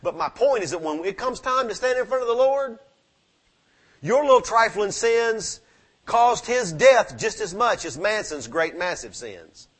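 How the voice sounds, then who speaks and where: A man pastor preaching a sermon in a church, fervent, swinging between loud peaks and quiet asides. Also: sits high, lively intonation, unhurried, breathy edge. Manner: fervent preaching that rises and drops sharply. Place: church sanctuary with amplified mic.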